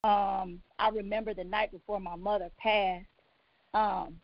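A woman telling her own life story on a talk show, halting with many pauses and restarts, emotional and close to tears. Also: medium pitch, steady tone, dry recording. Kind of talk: personal testimony on a talk show. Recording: dull, lo-fi, dry sound.

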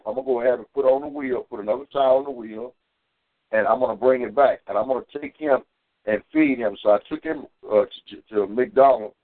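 Fervent preacher man on a tinny phone line. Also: dry recording. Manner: fervent storytelling, climbing high for quoted shouts. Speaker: preacher on a community call. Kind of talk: sermon with personal testimony.

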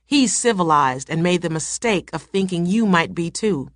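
A woman doing an enraged young woman, pitched up. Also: animated, moderate pace, no echo, studio quality, natural voice. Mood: furious. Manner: heated, shouting insults. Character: young woman, furious and indignant.

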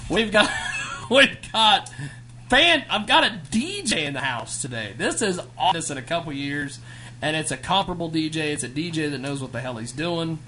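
Animated, joking male radio host. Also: on the high side, moderate pace, soft background music. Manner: animated, jokey, swears casually. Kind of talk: casual joking chat.

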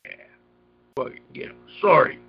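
A man's voice: a little slow, dull audio, slight background noise. A man hosting a show, talking in rambling, profane casual banter with stammering restarts. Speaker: podcast host.

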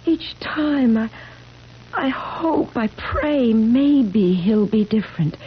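A woman's voice: on the high side, animated, slow pace. An actress playing a woman cursed to stay eighteen forever, pleading and anguished, in a 1970s radio drama. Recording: dull old radio broadcast with faint hiss.

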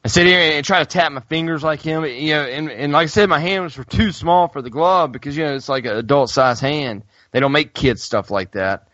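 A man co-hosting a podcast, telling stories in a casual, animated chat. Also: fairly high pitch, a little fast, hardly any pauses, no room sound, muffled recording. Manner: animated storyteller, laughs often. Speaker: podcast co-host.

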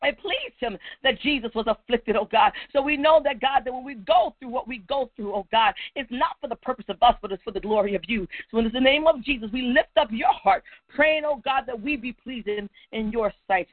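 A woman's voice: on the high side, brisk, few pauses, no echo. A woman leading a fervent spoken prayer, repeating "oh God" between phrases and rising to cries. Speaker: prayer leader. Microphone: phone line. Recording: tinny phone line.

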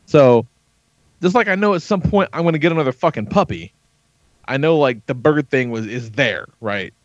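A man's voice: medium pitch, expressive, normal speed, no echo. A man in his thirties hosting a podcast, telling a story in casual, profane chat full of quoted dialogue. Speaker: podcast host. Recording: dull lo-fi podcast audio.

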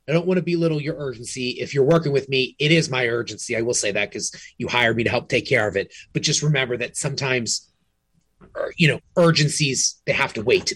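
A man's voice: mid-range voice, a bit bright, husky, dry recording. A man co-hosting a real estate podcast, talking frankly and casually, often restarting his sentences. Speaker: realtor podcast co-host.

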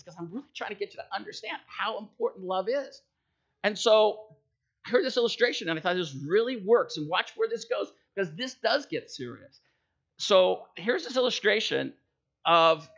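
A male pastor preaching in a relaxed, storytelling manner, often checking that his listeners are following. His fairly high voice has a gravelly edge and a bright, forceful tone. The recording sounds dull and lo-fi. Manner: conversational, tells jokes and stories, checks in with listeners. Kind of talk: sermon.

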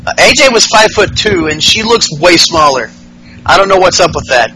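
A man's voice: sits high, lively intonation, a little fast, bright, forceful tone, slight background noise, poor audio. A man hosting a podcast, giving a casual, rambling and profane recap of wrestling shows, full of fillers. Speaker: podcast host.

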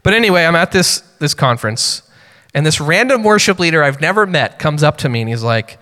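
A man's voice: a little high, animated, moderate pace, bright, forceful tone. A man in his thirties preaching a sermon as a pastor, speaking earnestly and personally in a conversational way with many fillers. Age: 30s. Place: church sanctuary. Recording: long hall reverb.

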